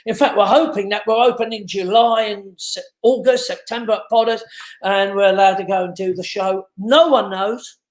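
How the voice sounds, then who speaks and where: Man, high-pitched, chatty live-stream host, echoey home room. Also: fairly even intonation, normal speed. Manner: chatty, jokey, laughs often, greets viewers as darling. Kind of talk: casual live-stream chat reading out viewer comments.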